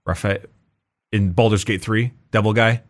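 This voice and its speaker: A man's voice: on the low side, fairly even intonation, moderate pace. A man in casual podcast chat, rambling with lots of fillers and restarts, laughing often. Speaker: podcast co-host.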